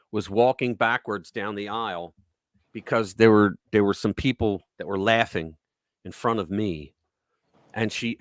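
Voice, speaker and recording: A man's voice: on the low side, fairly bright tone, dry recording. Rambling middle-aged man, dry close sound. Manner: rambling storyteller, acts out quotes. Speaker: podcast host. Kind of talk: casual talk show chat.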